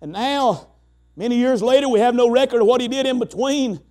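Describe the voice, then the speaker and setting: A man's voice: extremely high pitch, brisk, darkish tone. A man preaching a sermon in an emphatic, folksy way, asking the congregation rhetorical questions.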